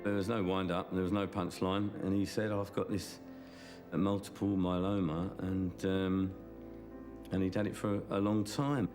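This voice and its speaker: A man in a documentary interview, speaking haltingly and reflectively. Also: low-pitched, little pitch movement, over music. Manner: halting, reflective, many fillers.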